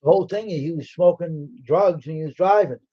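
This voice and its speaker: A man's voice: fairly high pitch, a little fast, dry recording. A man co-hosting a casual live stream, telling rambling stories and quoting others with exaggeration. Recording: dull lo-fi audio.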